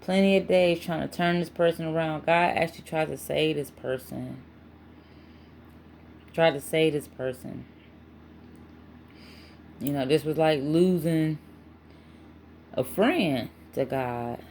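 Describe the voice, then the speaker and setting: A woman's voice: sits low, fairly even intonation, takes it slowly, gravelly, long pauses, darkish tone, a little hiss or hum. A woman giving a casual spiritual tarot reading to her channel, chatty and emphatic, with frequent asides. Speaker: tarot reader.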